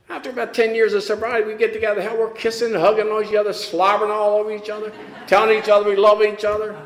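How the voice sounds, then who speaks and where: An older man with a Texan accent shares his story at a recovery meeting, speaking in a fairly high voice. He tells it plainly, with a dry, wry humor. His voice rings through an echoey hall with a long reverb tail. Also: little pitch movement, quick pace.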